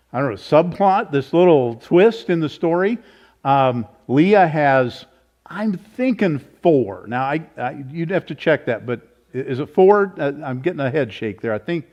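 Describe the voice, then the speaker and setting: A man's voice: a little high, darkish tone. A pastor teaching a Bible study in a conversational way, asking the group questions and thinking aloud as he goes. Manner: informal, thinks aloud, self-corrects. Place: church meeting room. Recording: slightly dull, lo-fi.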